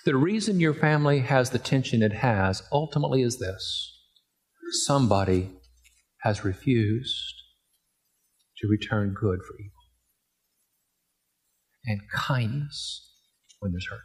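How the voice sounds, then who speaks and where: A man's voice: medium pitch, animated, a little slow, long pauses. A middle-aged man preaching a sermon, telling a family story and building to emphatic rising peaks. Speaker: pastor.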